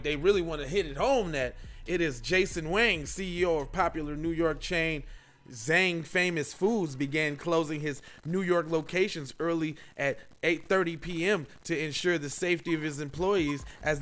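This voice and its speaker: A man's voice: a little high, normal speed, a bit bright, soft background music. A man co-hosting a podcast, giving sarcastic comedic commentary and reading news aloud with mocking asides. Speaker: podcast co-host.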